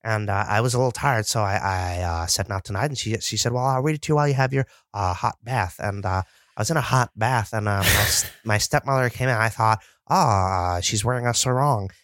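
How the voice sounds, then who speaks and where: A man doing a comic impression of a young male racing driver, with a halting, mumbling delivery full of "uh" fillers. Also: on the low side, a bit bright, no room sound, clean studio sound, lightly acted.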